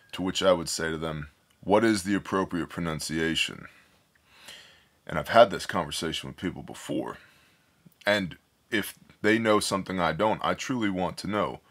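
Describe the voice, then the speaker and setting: Deep-voiced man leading a Bible study. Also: a bit bright. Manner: casual, digressive, thinks aloud. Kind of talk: reading scripture with commentary.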